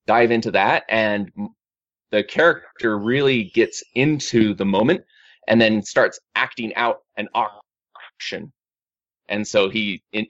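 Lower-voiced man chatting casually, restarting often. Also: fairly bright tone, no echo. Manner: rambling, with many restarts and fillers. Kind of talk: casual group chat. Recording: dull lo-fi recording.

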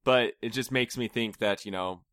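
A man's voice: on the low side, moderate pace, fairly bright tone, clear, resonant tone, dry recording, clean studio sound. A man chatting casually with his co-host about their kids, talking loosely with fillers and restarts. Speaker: co-host, parent. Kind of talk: casual family chat.

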